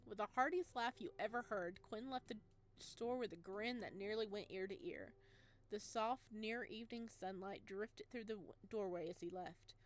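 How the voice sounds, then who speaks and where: A woman streams a let's play of a visual novel, reading its text and lines aloud playfully and doing all the voices. Her voice is mid-range, at a normal speed.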